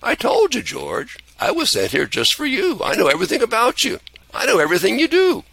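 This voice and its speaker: A man voicing a grinning old male guardian angel in a chipper, coaxing, high voice. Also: huge pitch swings, fairly quick, gravelly, a bit bright, slightly rough, no echo, full character voice. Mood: knowing.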